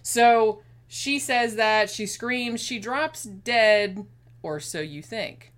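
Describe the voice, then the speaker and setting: A woman casually discussing a horror film as a podcast co-host, chatty and animated, laughing often. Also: a little high, extremely slow.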